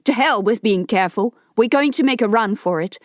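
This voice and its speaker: A woman's voice: fairly high pitch, a little fast, dry recording, clean studio sound, voice pushed up, lightly acted. A woman voicing a tough man in an audiobook who snaps curt, threatening orders. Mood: harsh commanding. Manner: harsh, snapping, commanding. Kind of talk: audiobook character voice.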